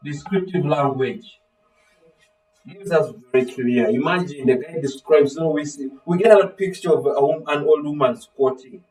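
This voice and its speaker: Man, literature teacher, high-pitched, distant mic, quizzing students. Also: normal speed. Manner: calls on students by name, asks fill-in questions; animated, acts out voices of characters. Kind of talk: live online literature lesson.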